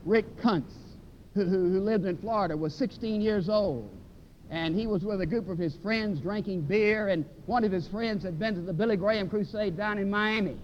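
A man preaches with a notably high voice, leaning hard on key words and stretching them out. The recording is dull and lo-fi, with a faint rumble underneath. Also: normal speed. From Mississippi, USA. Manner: emphatic, stretches key words, repeats phrases for effect. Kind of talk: sermon.

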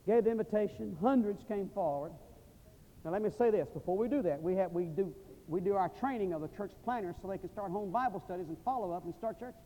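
An American man preaching at a seminary chapel, telling a mission story and praying with emphatic swings from loud to hushed. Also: sits high, fast. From United States. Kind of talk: sermon with storytelling and prayer. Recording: long reverb of a large hall.

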